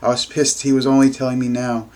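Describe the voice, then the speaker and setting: Man reading a novel in a flat voice. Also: medium pitch, quick pace. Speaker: amateur reader. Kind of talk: first-person novel reading.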